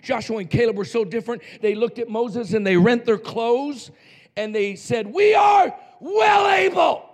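A male pastor preaching a sermon fervently, swinging between loud shouts and near-whispers. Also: sits high, steady tone, normal speed, some chatter behind.

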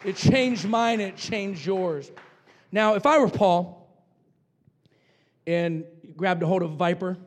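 An older pastor from New Mexico, USA, preaches a revival sermon in a high voice. His fervent, repeated declarations often rise to shouts.

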